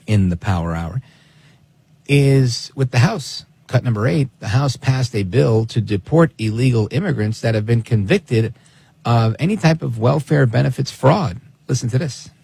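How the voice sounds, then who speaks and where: A man hosting a talk radio show, giving opinionated commentary in a sarcastic, animated way. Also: mid-range voice, normal speed, creaky, breathy edge, no room sound. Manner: animated and sarcastic, mimics people in quoted asides.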